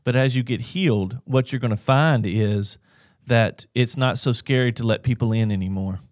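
A man's voice: mid-range voice, normal speed, dry recording, studio quality. A man co-hosting a Christian livestream, speaking earnestly and encouraging viewers to respond in the chat. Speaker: co-host of a faith livestream. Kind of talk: conversational Christian teaching.

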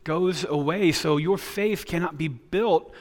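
An earnest male pastor delivers a sermon, stumbling and restarting phrases as he works through an idea. His voice sits a little high for a man. The sound carries a long hall reverb. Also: takes it slowly. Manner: earnest, with frequent repeated restarts.

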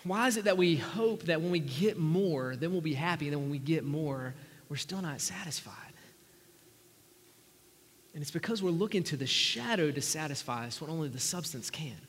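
High-voiced man preaching in a reverberant hall. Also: lively intonation, brisk, few pauses. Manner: earnest, conversational preaching that drops to near whispers. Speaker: pastor. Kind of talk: sermon. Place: church sanctuary. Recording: long church-hall reverb.

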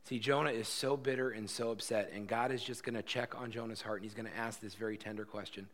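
A pastor preaches to his church, earnest and insistent, circling back to the same phrases. He has a somewhat low voice, and he turns louder and livelier when he jokes with the congregation. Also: fairly even intonation, fast talker. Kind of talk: sermon.

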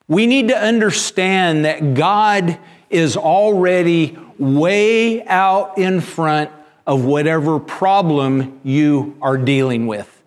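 A man's voice: fairly high pitch, slow. A man pastor preaching a sermon, telling a story with frequent restarts and repeated words.

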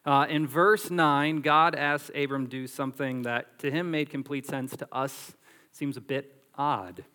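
A man preaching a sermon as pastor, animated and emphatic, drawing on everyday illustrations. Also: medium pitch, unhurried, in a large hall.

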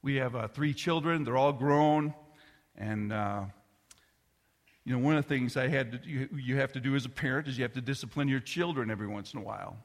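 A middle-aged man preaching a sermon as a pastor, telling a family story in a loose conversational way with restarts, sometimes dropping to a soft near-whisper. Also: mid-range voice, brisk. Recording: long reverb of a large hall.

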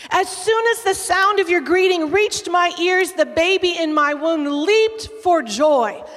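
A woman preaching a sermon and reading scripture aloud with animated emphasis. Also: sits high. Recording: long hall reverb.

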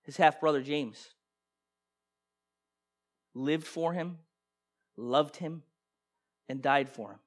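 A man preaching a sermon with passion, firing rhetorical questions and swinging between loud bursts and hushed intensity. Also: medium pitch.

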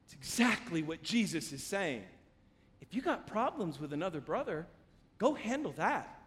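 A male pastor preaching a sermon in a church, telling stories in an animated way and acting out quotes. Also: sits high, normal speed. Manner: animated storytelling, acts out quotes. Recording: long hall reverb.

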